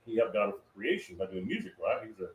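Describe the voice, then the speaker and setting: A man's voice: lowish voice, big pitch swings, fast talker. A man casually recounting a dream in a rambling way, with many fillers and restarts. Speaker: guest recounting a prophetic dream. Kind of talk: casual conversational storytelling. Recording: roomy, distant mic with faint noise.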